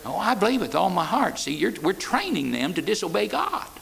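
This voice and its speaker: A man preaches in a folksy, repetitive way. His voice sits high for a man and leaps all over the place, with a gravelly edge. He keeps calling out "amen" as he stumbles through restarts. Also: big pitch swings, brisk, a bit bright, low-quality recording. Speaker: pastor. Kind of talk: sermon. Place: church.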